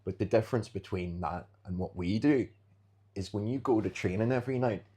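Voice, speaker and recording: Low husky man, casual guest. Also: brisk. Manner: animated storyteller, acts out street scenarios. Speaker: podcast guest, jiu-jitsu fighter. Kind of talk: casual interview chat.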